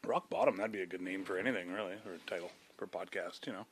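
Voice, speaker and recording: A man's voice: low voice, steady tone, rapid-fire, fairly bright tone, slight background noise. A man co-hosting a podcast at home in casual chat, rambling and joking. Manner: rambling, jokey, puts on silly voices. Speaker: podcast co-host. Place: home, seated on a sinking chair.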